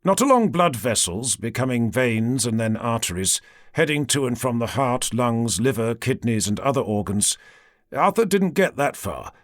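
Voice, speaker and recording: A man narrating an audiobook in a measured, dramatic way. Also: medium pitch, sing-song, dry recording, studio quality.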